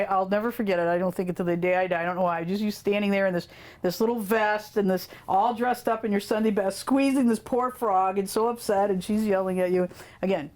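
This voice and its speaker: A woman telling fond family stories in an interview, animated and laughing often as she recalls them. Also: medium pitch. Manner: animated, laughs often, quotes children in dramatic voices. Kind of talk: casual storytelling in an interview.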